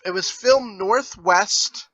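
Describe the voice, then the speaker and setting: A man co-hosting a podcast, sharing loose, halting trivia asides in casual chat. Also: high-pitched, sharp tone, no echo, rough recording. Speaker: podcast co-host.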